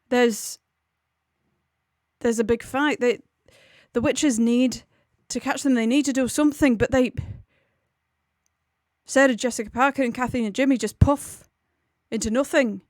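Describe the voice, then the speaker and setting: A woman hosting a livestream film club, chatting casually and rambling, often stopping to correct herself. Her voice sits slightly high, and the sound is close and dry. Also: no room sound. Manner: rambling, self-correcting, breezy.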